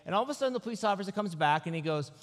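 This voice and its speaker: Pastor with a high voice in an echoing hall. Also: male voice, very fast. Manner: relaxed storytelling, self-deprecating humor. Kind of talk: sermon with humorous personal stories. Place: church sanctuary. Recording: long reverb of a large hall.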